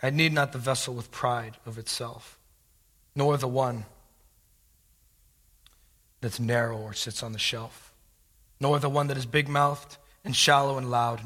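A preacher reading a poem aloud, voicing a gentle male master who speaks tenderly and earnestly. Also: mid-range voice, slightly rough, long reverb tail.

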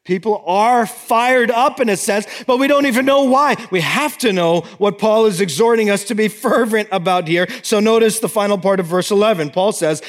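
A man preaching a sermon as pastor, swinging between fervent exhortation and hushed, intimate appeals. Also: sits high, normal speed, hardly any pauses, in a large hall.

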